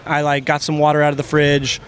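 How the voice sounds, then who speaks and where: A man's voice: on the high side, monotone, brisk, fairly bright tone, slight background noise. A man in his twenties, answering questions on a city street, talking earnestly and rambling with lots of fillers. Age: 20s. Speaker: interviewee. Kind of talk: casual street interview.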